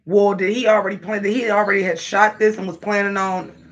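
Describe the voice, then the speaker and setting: A man with a high voice chats and rants on a livestream, animated and full of profanity as he talks straight to his viewers. The audio is dull and lo-fi. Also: a little fast. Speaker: livestream vlogger. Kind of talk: casual livestream chat.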